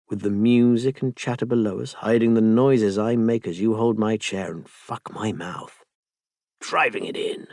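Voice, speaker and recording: A male audiobook narrator voicing a bold, shameless lover in a low, hushed murmur. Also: no room sound, studio quality. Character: bold, shameless adult man lover, whispering. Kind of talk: audiobook character voice.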